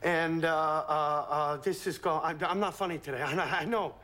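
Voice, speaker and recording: An actor playing a bumbling young hoodlum who stammers and repeats himself while telling a joke in a film scene. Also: male voice, a little high, steady tone, moderate pace, pushed and bright. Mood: flustered. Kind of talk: film dialogue.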